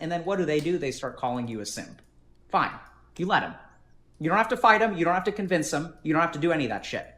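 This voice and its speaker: A man with a somewhat high voice talks quickly, his pitch rising and falling a lot. He hammers points home in repeated short phrases, like a coach laying down rules. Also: big pitch swings, bright, forceful tone. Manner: emphatic, repetitive coaching tone. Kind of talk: conversational advice.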